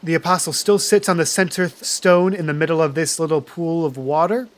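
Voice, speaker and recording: A man's voice: fairly high pitch, fairly quick. Man narrating as game master.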